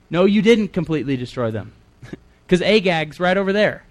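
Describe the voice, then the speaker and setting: An earnest man delivering a sermon, his voice sitting a little higher than most men's. He reads a long scripture passage aloud and stops now and then to comment on it in plain, conversational words. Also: very animated, moderate pace. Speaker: preacher.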